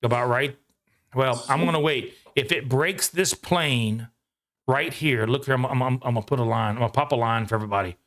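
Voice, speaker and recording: A man hosting a live trading session from home, thinking out loud about each trade in an excitable, casual way with the odd swear. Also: mid-range voice. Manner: excitable, talks fast to himself while trading, swears casually.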